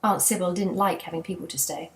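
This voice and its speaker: A woman voicing a wistful elderly grandmother in a children's storybook, soft and reminiscing. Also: lowish voice, fairly even intonation, quick pace, creaky.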